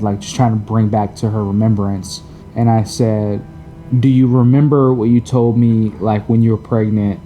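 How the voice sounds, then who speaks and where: A young man with a low, very mellow, dark voice speaks earnestly to his wife. He pauses and restarts often, gentle and sincere. Faint music sits under his voice. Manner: earnest, halting, many fillers. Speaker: husband co-host of couple's channel. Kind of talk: casual heartfelt couple's talk.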